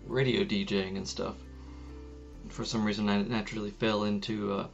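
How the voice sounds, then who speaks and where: Male podcast co-host, low gravelly voice, halting delivery, dull lo-fi recording. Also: level tone. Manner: hesitant, halting, restarts a lot. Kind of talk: casual chat. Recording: dull lo-fi sound with faint music.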